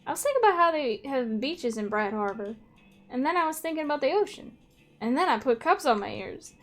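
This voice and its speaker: A woman voicing an excitable, goofy young male fox in a game, talking in an eager, bouncy way. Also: high-pitched, brisk, soft background music. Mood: excited.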